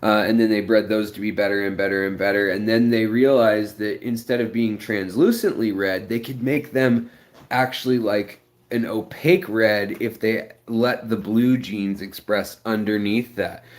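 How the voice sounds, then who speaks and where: A man's voice: fairly low pitch, fairly even intonation, normal speed. A man hosting a live stream, answering viewers in a rambling, explanatory way with many fillers. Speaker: aquarium channel host.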